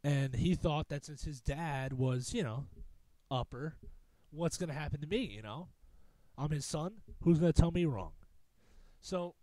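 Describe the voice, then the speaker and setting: Young man, podcast host, rambling, profane, mellow tone, dry sound. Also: fairly high pitch, measured pace, no room sound. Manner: rambling, profane, self-mocking. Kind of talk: casual storytelling monologue.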